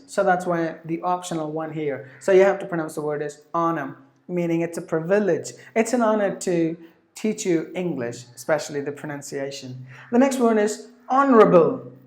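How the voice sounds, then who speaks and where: A woman teaching English pronunciation who repeats each word slowly and spells out its letters. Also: lowish voice, expressive, darkish tone. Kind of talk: pronunciation lesson. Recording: echoey room.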